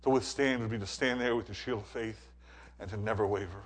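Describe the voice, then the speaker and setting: Preaching fairly quickly in a fairly low voice, a man moves between hushed passages and loud, forceful crescendos. He presses his points by repeating words again and again.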